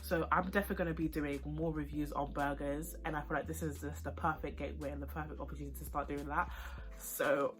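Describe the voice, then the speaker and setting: Over music, a young woman from the UK talks fast in a low voice, eating while reviewing food and a film. Her vlog mukbang is casual, chatty, excitable and slangy.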